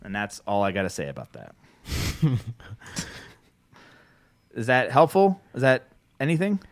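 A man's voice: mid-range voice, measured pace, no echo. A man from New Jersey hosting a podcast in loose, rambling chat, with frequent swearing and restarts. His voice sits mid-range for a man. The recording is close and dry, with no room sound. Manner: rambling, profane, animated, with many restarts. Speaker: podcast host. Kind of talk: casual chat.

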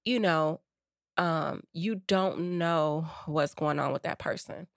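A woman's voice: deep voice, slow pace, dry recording, studio quality. A woman co-hosting a podcast, chatting casually and telling stories with quoted voices. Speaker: podcast co-host.

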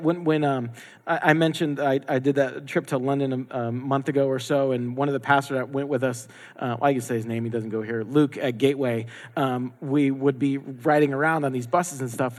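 A male pastor delivering a sermon, emphatic and repetitive, often restarting his words. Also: medium pitch. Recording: long hall reverb.

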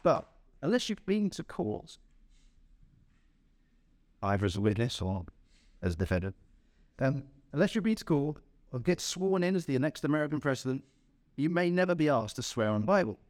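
Animated male preacher, lively pitch. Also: moderate pace, long pauses, no echo. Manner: animated storyteller, chuckles at own jokes. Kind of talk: sermon with storytelling.

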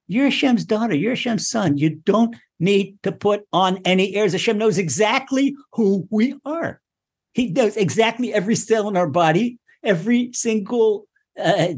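Husky, animated man teaching Torah. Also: sits high. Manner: animated, repetitive, acts out prayers; laughs often. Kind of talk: Torah lesson.

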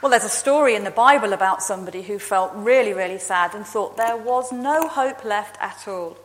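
A woman minister speaks in a measured, expressive way as she leads prayer and tells a Bible story. Her voice sits at a middle pitch for a woman. Her words ring out with a long reverb through a large church. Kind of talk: sermon with prayer and children's story.

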